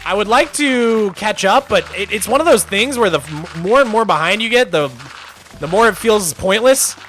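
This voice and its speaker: A man's voice: high voice, lively intonation, normal speed, a bit bright, faint music behind. A young man hosting a live stream in casual chat, reading and answering viewer messages. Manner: chatty, reads chat aloud, loose restarts. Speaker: streamer host.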